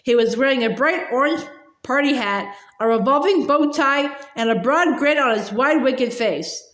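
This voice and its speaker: A woman's voice: high-pitched, animated, normal speed, a bit bright. A woman reading a storybook aloud, sometimes tripping over and repeating words. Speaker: audiobook reader. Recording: echoey room.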